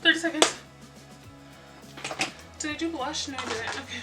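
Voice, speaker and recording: A young woman vlogging casually to camera, flustered and rushed, laughing at herself. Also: sits high, distant mic, over music. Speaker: beauty vlogger.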